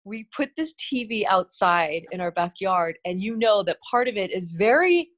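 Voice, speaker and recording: A middle-aged woman, a TV host, chatting in an interview in an animated way, laughing often and restarting her sentences. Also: mid-range voice, moderate pace. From Korean heritage. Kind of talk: casual interview chat.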